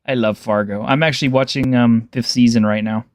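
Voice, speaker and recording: A man's voice: mid-range voice, steady tone, brisk, dry recording, studio quality. A man co-hosting a casual podcast, laid-back and rambling, laughing easily. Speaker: podcast co-host. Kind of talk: casual chat.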